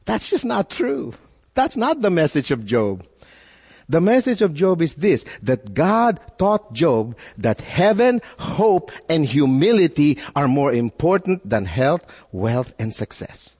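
A male pastor delivering a sermon, his slightly high voice rising and falling with animation. He talks earnestly, piling up rhetorical questions and repeating himself as he pushes a point. The sound carries a long echo, as if in a large hall. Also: sing-song, takes it slowly, a little mellow, slightly rough.

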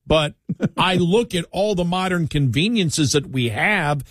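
A man's voice: fairly high pitch, lively intonation, unhurried, fairly bright tone, no echo, clean studio sound. Rambling, reflective man in casual chat. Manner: rambling, reflective, with many restarts.

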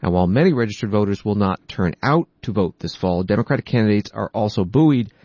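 Low-voiced male news anchor. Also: breathy edge, dry recording, muffled recording. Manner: measured, even reading. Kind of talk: scripted news narration.

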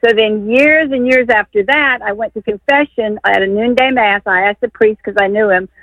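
A woman's voice: medium pitch, normal speed, dry recording. A woman from Texas calling in to a radio show, telling her story eagerly and emotionally with lots of fillers over the phone. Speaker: caller. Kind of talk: call-in radio chat. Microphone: telephone. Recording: tinny phone line.

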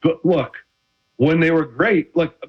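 A man's voice: fairly high pitch, a little slow, husky. A middle-aged man, a retired quarterback, chatting as an interview guest and telling stories with many restarts. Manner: animated storytelling with many restarts. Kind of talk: casual interview chat. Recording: dull lo-fi audio.

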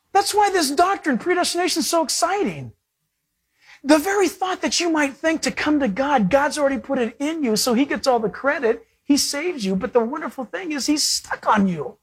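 Male preacher, husky tone, animated sermon delivery with big shifts in pitch and pace.

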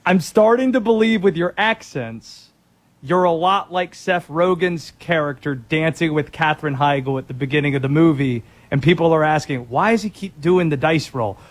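A male sports talk host steers the show with wry, teasing setups. His voice sits a little high. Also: normal speed. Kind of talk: sports talk radio banter.

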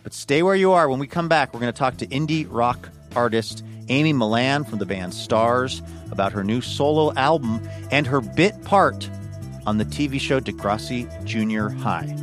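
A male radio show host introducing segments in brisk, friendly patter. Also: medium pitch. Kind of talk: radio hosting. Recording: radio studio with music bed.

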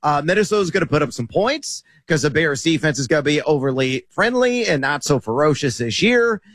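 A man who analyzes fantasy football, talking on a sports radio show in an animated, wisecracking way. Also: on the high side, fairly quick, dry recording. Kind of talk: casual sports talk.

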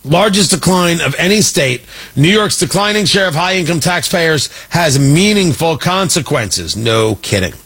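A man's voice: on the high side, lively intonation, a little slow, a bit bright, breathy edge. A man hosting a political talk radio show, delivering a sarcastic, riffing monologue and slipping into mock voices. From Midwest.

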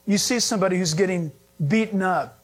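A male pastor preaching a sermon, animated and acting out little scenes with humor. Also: high voice, a little fast.

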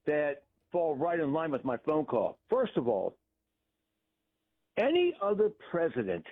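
A man calling in to a talk radio show, rambling through his opinions with hesitant restarts. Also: fairly high pitch. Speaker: caller. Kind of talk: phone-in call. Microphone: telephone. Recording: tinny phone line.

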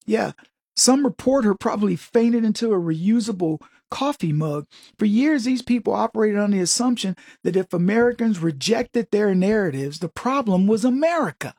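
Commentary host, husky, dry close mic, sarcastic and animated monologue. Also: medium pitch, no room sound. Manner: animated, sarcastic, talks to the audience.

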